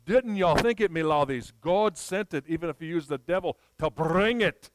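A woman's voice: on the low side, animated, normal speed, background noise, close to an everyday voice. A man voicing an eccentric, devout old Scottish widow with a lilting Scottish brogue, in a sermon story. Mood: unruffled retort. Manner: lilting brogue, fervent prayer.

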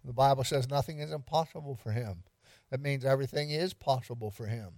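A man's voice: medium pitch, fairly quick, darkish tone, no echo, studio quality. A man pastor giving an interactive evening sermon, quizzing the congregation and repeating lines for emphasis with light humor.

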